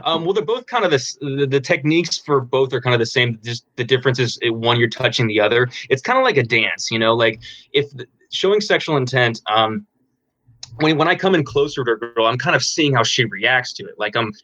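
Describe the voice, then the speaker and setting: A man's voice: mid-range voice, animated, a little fast, bright, forceful tone, dry recording. A man in his twenties, a guest on an interview show, explaining dating advice frankly with plenty of fillers and restarts. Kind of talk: casual interview answers. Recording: dull lo-fi dry audio.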